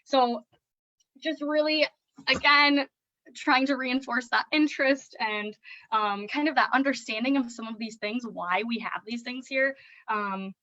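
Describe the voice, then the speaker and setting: A young adult woman, a speech-language pathologist, gives a relaxed lesson for parents on early reading. She talks through ideas with plenty of "um"s and turns lively and singsong when she reads from a children's book. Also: on the high side, unhurried, dry recording, highs cut off.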